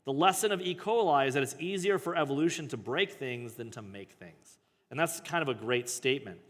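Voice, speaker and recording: A man in a church hall reads a book aloud and keeps breaking off for casual, joking asides before picking the text back up. His voice sits at an ordinary pitch for a man, and a long reverb trails behind every phrase. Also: expressive, a little fast, fairly bright tone. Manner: casual, joking asides and self-corrections between read passages. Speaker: pastor teaching a book study. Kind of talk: reading a book aloud with off-the-cuff commentary.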